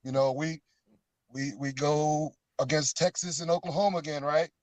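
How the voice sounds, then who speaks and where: A middle-aged man, a former pro football player, chatting as a guest and telling stories, getting animated when he quotes teammates. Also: a little high, normal speed, no echo, low-quality recording. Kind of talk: casual phone interview.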